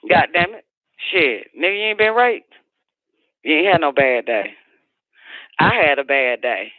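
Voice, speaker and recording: A man's voice: on the high side, expressive, measured pace, dry recording. Guy putting on an angry woman cussing out her man, dry phone-line sound. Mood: furious. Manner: profane, shouting, scornful rant. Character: furious woman ranting at her partner.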